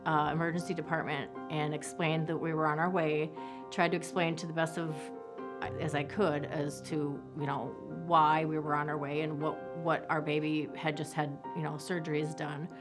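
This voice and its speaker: Low-voiced woman recounting a hard story. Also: flat delivery, over music. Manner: halting, with many restarts, reliving events. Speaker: mother telling her family's story. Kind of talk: personal testimony interview.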